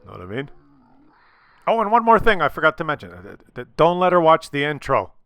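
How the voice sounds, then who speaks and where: Sly stammering male vlogger, bright edge. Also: on the high side, huge pitch swings, brisk, smooth, dry recording. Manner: sly, stammering, swears freely. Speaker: channel host. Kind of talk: conspiratorial casual advice to viewers.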